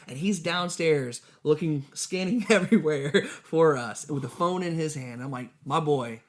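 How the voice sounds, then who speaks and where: A man's voice: fairly high pitch, moderate pace, few pauses. A young man, co-host of a casual podcast, telling a story among friends and acting out the voices in it. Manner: animated, acts out quotes, laughs while telling.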